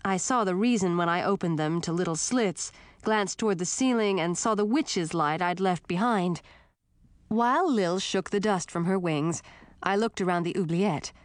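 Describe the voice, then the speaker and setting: A woman reading a first-person fantasy story with steady, expressive narration. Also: fairly low pitch, moderate pace, dry recording, studio quality. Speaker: audiobook narrator.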